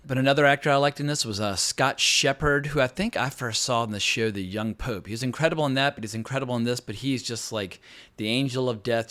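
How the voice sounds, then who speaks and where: A man's voice: medium pitch, a bit bright. A man giving a casual spoken film review, candid and chatty, with frequent fillers and restarts.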